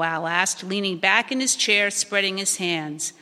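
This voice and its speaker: A woman narrating a novel aloud in a calm, even storytelling voice. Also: medium pitch, unhurried, few pauses. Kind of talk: audiobook narration. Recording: long hall reverb.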